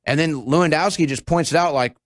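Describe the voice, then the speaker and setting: A man's voice: fairly high pitch, brisk, dry recording, studio quality. A man in his thirties hosting a political talk show, commenting with sarcasm and mocking impressions. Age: 30s. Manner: sarcastic, mocking, animated mimicry. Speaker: show host.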